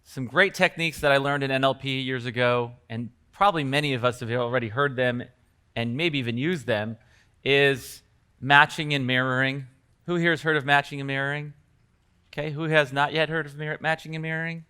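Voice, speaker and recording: A man's voice: mid-range voice, fairly even intonation, brisk, bright, forceful tone, clear, resonant tone. A man teaching coaches at a live workshop in a conversational way, acting out bits of example dialogue. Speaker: coaching trainer.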